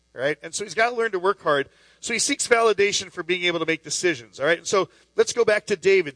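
A man's voice: high voice, fairly bright tone, no echo. A middle-aged male pastor preaching a sermon, telling stories with many restarts and asides. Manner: storytelling with lots of restarts and asides.

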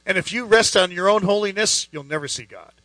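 A man's voice: sits high, brisk, sharp tone, no room sound, rough recording. A man preaching a sermon in an emphatic, conversational way, full of rhetorical questions.

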